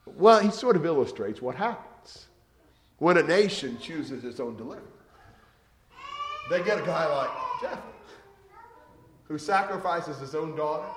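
A man giving a sermon-style Bible lesson, his fairly high voice swinging widely in pitch. He leans hard on emphasis when he reads, then drops low and soft to make a point. The room around him rings with noticeable echo. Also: background noise. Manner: expressive, shifts from loud emphasis to soft lowered voice. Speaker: Bible teacher.

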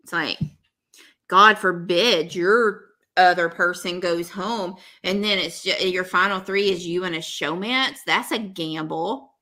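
Woman podcast host, lower-pitched, crisp bright tone, rambling gossipy delivery. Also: a little slow. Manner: rambling, filler-heavy, gossipy. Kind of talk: casual podcast chat.

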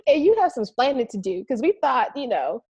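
A woman co-hosting a podcast, casually retelling a movie plot with lively asides and laughter. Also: high voice, brisk, slightly rough. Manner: animated storytelling with quoted voices and laughter. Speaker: podcast co-host. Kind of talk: casual movie review chat.

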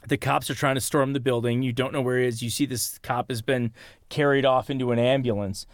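A man's voice: medium pitch, no room sound, clean studio sound. A man in his forties, a podcast co-host, eagerly retelling film scenes in casual chat. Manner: animated storyteller, retells scenes with excitement.

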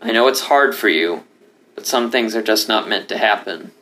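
A man voicing a gentle, somber male lion in a calm, even tone. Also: on the low side, normal speed, a little hiss or hum, lightly acted. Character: solemn male lion come to take a dying friend.

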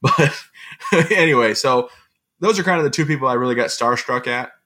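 Bright-voiced man telling stories. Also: medium pitch, moderate pace. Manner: lively, self-mocking, often laughing and acting out quotes. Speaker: guest, motivational speaker. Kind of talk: casual anecdotal storytelling.

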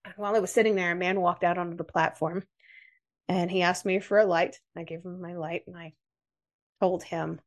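A woman with an American accent, a podcast guest, telling a personal story in an interview in an earnest, measured way. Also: on the low side, fairly even intonation.

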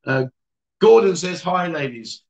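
His voice sits fairly high and is a little mellow, with vocal fry, an animated delivery and a slightly slow pace. Broadcasting a casual livestream from inside a bar or venue, this host reads out viewer comments and playfully teases his guests.

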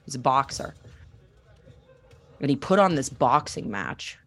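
A woman's voice: a bass voice, very animated, a little slow. Candid woman telling her story. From Boston. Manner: candid, chatty, acts out quoted dialogue. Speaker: podcast host. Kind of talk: personal storytelling.

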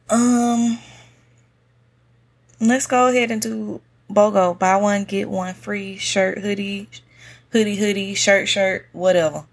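Solo podcast host, woman, soft monotone, lowish voice, unhurried laid-back slang. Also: vocal fry. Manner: relaxed, slangy, many fillers. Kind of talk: casual solo podcast talk. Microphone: podcast mic on a stand.

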